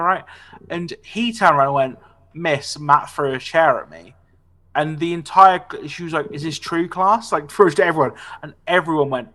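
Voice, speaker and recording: With a fairly high pitch and moderate pace, this podcast host in his late twenties spins lively, profanity-laced anecdotes during a casual chat. He keeps adding "right?" to the ends of his sentences.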